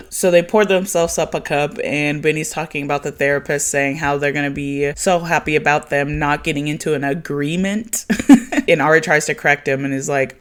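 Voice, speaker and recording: A host recapping a reality TV episode in a casual chat, animated, laughing often and acting out what the cast said. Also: mid-range voice, a little fast. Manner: animated, laughs a lot, acts out quotes; swears freely.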